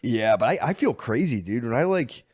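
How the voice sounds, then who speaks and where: A man in his thirties co-hosting a podcast, chatting casually and telling animated stories, acting out his kids in high squeals. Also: a little fast, dry recording. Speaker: podcast co-host. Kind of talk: casual chat.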